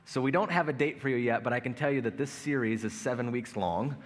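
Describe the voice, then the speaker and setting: A man's voice: medium pitch, quick pace. A man in his thirties preaching a sermon as pastor, conversational and self-mocking, telling family stories. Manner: conversational, self-mocking humor with acted-out anecdotes. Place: large church worship space. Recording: long hall reverb.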